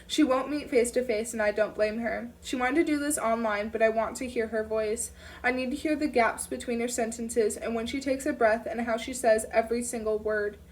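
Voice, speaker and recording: A woman narrating a first-person audiobook in a steady reading voice, now and then correcting herself. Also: fairly high pitch, moderate pace, recorded from a distance. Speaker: audiobook reader.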